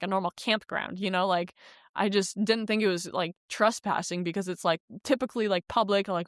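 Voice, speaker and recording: A woman's voice: mid-range voice, dry recording. Casting: young woman vlogger, loose rambling storyteller, salty language, dry close sound. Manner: rambling, heavy use of "like", frequent swearing; animated retelling with acted quotes. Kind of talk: casual storytelling.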